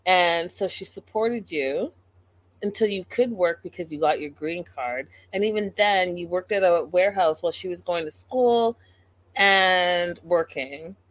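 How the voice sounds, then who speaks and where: A woman's voice: lowish voice, unhurried. A woman giving a casual commentary recap of a reality show in an exasperated, incredulous way, talking straight to the people on the show.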